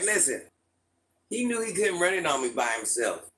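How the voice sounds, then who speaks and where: A middle-aged man hosting a casual livestream, telling stories and answering his chat in a lively, repetitive way. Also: on the high side, moderate pace, low-quality recording. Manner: repetitive, animated storytelling, often restarts phrases. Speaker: livestream host talking to chat viewers.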